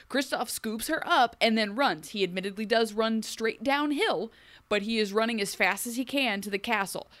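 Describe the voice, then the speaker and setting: A young woman talks through a TV episode in loose, lively podcast chat, breaking into quick character impressions. Her voice sits at an ordinary middle pitch, and the sound is dry and close to the mic. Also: clear, resonant tone, dry recording. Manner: animated, acts out characters in quick asides. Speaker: podcast co-host. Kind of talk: casual chat recapping a TV show.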